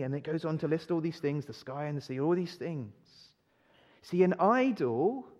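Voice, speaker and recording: A male preacher with a high, slightly mellow voice delivers an emphatic sermon, often firing rhetorical questions at his listeners. The recording sounds dull and was made in a reverberant hall.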